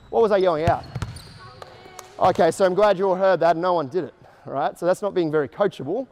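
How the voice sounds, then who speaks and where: A man with a fairly high voice runs a basketball coaching clinic, talking players through drills in short, casual instructions and quick called-out cues. His voice rings with the long reverb of a big indoor gym. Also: a little mellow, a little hiss or hum. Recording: echoey gym hall reverb.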